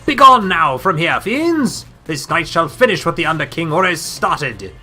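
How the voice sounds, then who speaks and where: Guy doing a pompous old-timey knight, bright voice, talks about himself in third person, light game music in the back. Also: on the high side, big pitch swings, normal speed, full character voice. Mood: bold. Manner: archaic, grandiose, speaks of himself in third person. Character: pompous proud male worm knight.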